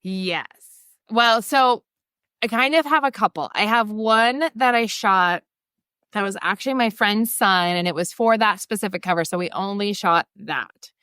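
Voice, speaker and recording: Woman, 30s, guest storyteller; chatty, animated, acts out quotes. Mid-pitched, dry. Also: a little slow, smooth, no room sound. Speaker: guest photographer. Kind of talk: casual storytelling interview.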